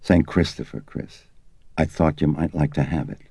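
A man voicing a gentle, sad young priest. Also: very deep voice, animated, moderate pace, creaky, breathy edge, no echo, full character voice.

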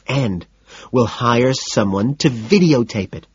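A man's voice: medium pitch, expressive, slow, darkish tone, husky, dull audio, heavily acted. A man reading an audiobook and voicing a gushing, petulant young society woman who talks breathlessly and whines. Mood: excited.

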